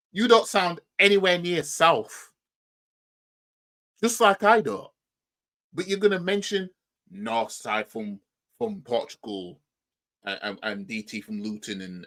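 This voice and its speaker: Animated Yorkshire man mocking a clip. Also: fairly low pitch, unhurried, long pauses. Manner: mocking, repeats "you know what I mean". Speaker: reaction channel host. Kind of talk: reaction commentary.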